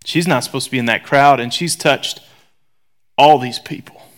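A man preaching a sermon in a conversational, joking way, swinging from loud to hushed whispers. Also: mid-range voice, normal speed. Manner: conversational, joking, acts out voices.

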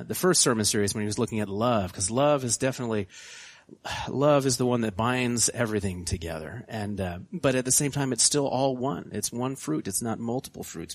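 A man in his thirties preaches a relaxed, chatty sermon, his voice sitting in an ordinary middle pitch. He talks to the listeners directly, restarting phrases and poking fun at himself. The sound is dry and close, with no room echo. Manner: conversational, self-deprecating, with frequent restarts and asides.

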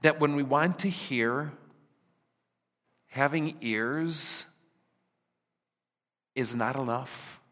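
A man preaches at an unhurried pace, pausing over his words. He throws rhetorical questions at his listeners and acts out God's replies, sometimes dropping almost to a whisper. His voice carries a long echo, as in a large hall. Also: medium pitch. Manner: rhetorical questions, dramatic voicing of God, drops to hushed near-whispers. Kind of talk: sermon. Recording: reverberant hall.

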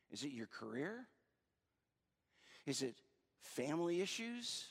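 A male pastor preaching a sermon in a conversational, searching way, with frequent fillers and restarts. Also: a little high. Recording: long reverb of a large hall.

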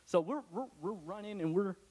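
Young man, casual joking church testimony, a bit high-pitched, reverberant hall. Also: animated, normal speed, darkish tone, breathy edge. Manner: casual, joking, many restarts. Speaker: church speaker giving testimony. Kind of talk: testimony to a congregation.

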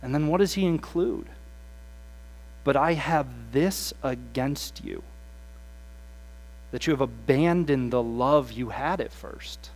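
A man preaching a sermon with passion, swinging from hushed asides to loud, animated quoted voices. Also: mid-range voice, takes it slowly, long pauses, rough recording.

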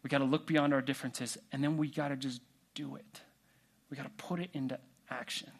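A man preaching a sermon in a relaxed, conversational way, asking the congregation questions. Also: mid-range voice, fairly quick, breathy edge. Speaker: pastor.

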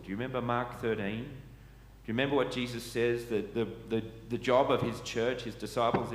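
A man with a low voice preaches a sermon in earnest, putting questions to his listeners. The sound carries a long echo through a large church hall. Faint ambient noise sits beneath it.

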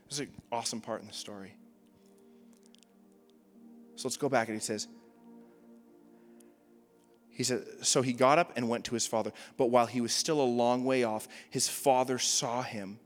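A man's voice: mid-range voice, in a large hall. A young man preaching a sermon, casual and joking, with lots of filler words. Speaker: pastor. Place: church hall.

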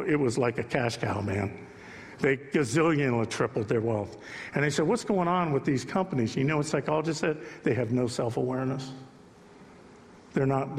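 A man's voice: mid-range voice, big-room sound. A male pastor giving a sermon in a church, preaching emphatically and chatting with the congregation in asides. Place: church sanctuary.

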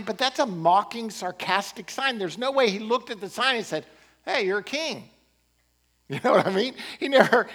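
A man preaching a sermon as pastor, building emphasis with rising and falling delivery. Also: very high-pitched. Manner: animated, rising and falling emphasis with occasional laughs.

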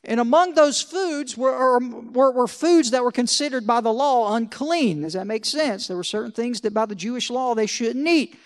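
A man's voice: very high-pitched, normal speed, few pauses. A man preaching a sermon as pastor, conversational, with joking asides and rhetorical questions.

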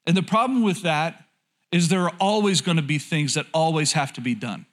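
A pastor with a somewhat high, slightly bright voice preaches fairly quickly in a candid, conversational tone. He often repeats phrases, tosses questions to the congregation, and keeps a light, joking manner throughout.

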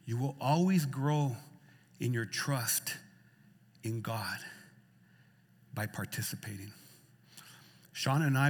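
A male pastor preaching a sermon in a church, repeating phrases and swinging between loud, stirring lines and soft ones. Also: medium pitch. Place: church sanctuary. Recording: church hall reverb.

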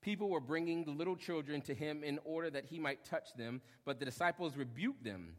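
A young adult male pastor preaching a sermon, lively, acting out short quotes and joking with the congregation. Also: a little high, a little fast. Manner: animated, acts out short quotes, jokes with congregation. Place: church hall. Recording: long hall reverb.

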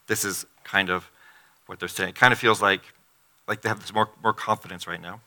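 Middle-aged guy preaching, really bright sharp voice, kinda low, chatty, acts out the quotes. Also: fairly even intonation, a little fast. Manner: conversational, acts out quotes from the text. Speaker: pastor. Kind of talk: sermon.

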